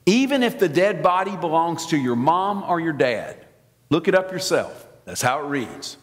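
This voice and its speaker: A preacher with a Southern American accent tells his story with lively, theatrical energy. His voice sits somewhat high and leaps up and down as he acts out the scene. The sound carries a long reverb from a large church sanctuary. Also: normal speed. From Alabama. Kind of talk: sermon.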